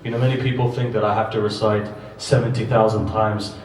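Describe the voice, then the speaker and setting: A man's voice: on the low side, a little fast, a crowd in the background. Man preaching in an echoey hall. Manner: animated storytelling, swinging from loud emphasis to quiet asides. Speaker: religious lecturer. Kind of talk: sermon at a mourning gathering. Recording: echoey hall, distant mic, faint background noise.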